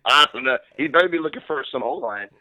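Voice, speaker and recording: A man's voice: medium pitch, animated, fast, sharp tone, poor audio. A man on a casual sports talk show, bringing up news items and laughing easily.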